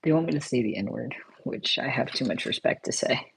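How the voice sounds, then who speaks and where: A woman's voice: extremely low pitch, animated, brisk, vocal fry, breathy edge, poor audio. A woman streamer chatting casually on a live stream, rambling and repeating herself as she talks straight to her viewers.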